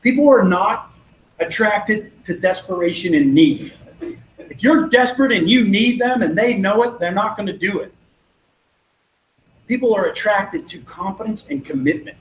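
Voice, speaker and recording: High-voiced man giving a sales training talk. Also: animated, moderate pace. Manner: acts out dialogue in anecdotes, confident and persuasive. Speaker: network marketing trainer. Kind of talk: motivational training talk with storytelling. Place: event venue. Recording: echoey room with faint noise.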